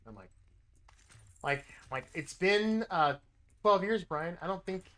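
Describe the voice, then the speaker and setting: Bright-voiced rambling male streamer. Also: high-pitched, expressive, takes it slowly. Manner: rambling, self-interrupting, swears casually. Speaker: livestreaming gamer. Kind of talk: casual storytelling while gaming.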